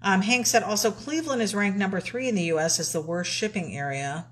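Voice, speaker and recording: A woman's voice: medium pitch, fairly quick, low-quality recording. A woman co-hosting a casual live stream, reading viewer comments aloud and laughing often.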